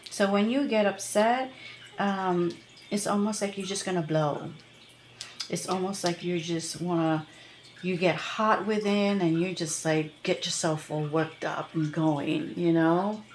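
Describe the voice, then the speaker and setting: A woman's voice: on the low side, fairly even intonation, slow pace, echoey room, a little hiss or hum. A woman tarot reader talking casually to her viewers, rambling and chatty, with many fillers and laughs. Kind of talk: casual tarot reading to camera.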